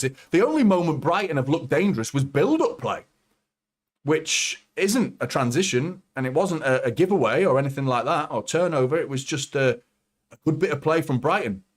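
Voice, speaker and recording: A man hosting a live football watchalong, commentating as a fan and swearing a lot as he swings from nervous muttering to shouting. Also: fairly high pitch, breathy edge.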